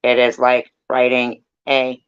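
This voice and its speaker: A man's voice: mid-range voice, monotone, takes it slowly, fairly bright tone, smooth, highs cut off. A man hosting a casual live chat room, rambling and blunt, swearing now and then.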